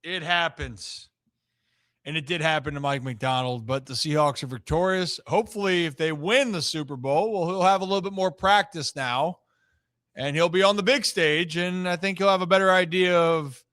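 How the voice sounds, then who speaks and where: A man's voice: fairly high pitch, fairly bright tone, no echo, studio quality. A man hosting a sports talk show, giving emphatic opinions in casual chat. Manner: opinionated, emphatic, drawn-out stresses.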